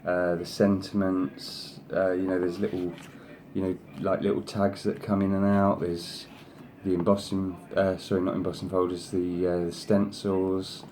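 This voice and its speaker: In this casual craft show-and-tell, an adult man with a darkish voice speaks a little slowly yet hardly pauses, his pitch barely moving, with slight background noise. He rambles effusively over his design samples, saying "you know" a lot and praising each at length. His sister is past thirty, and he coaxes his pet in a higher voice.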